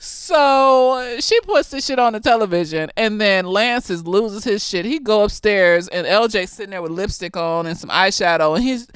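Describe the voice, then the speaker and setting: A woman therapist giving a casual, slightly tipsy movie review, animated and profane, laughing often. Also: medium pitch, normal speed, hardly any pauses, clear, resonant tone, no echo.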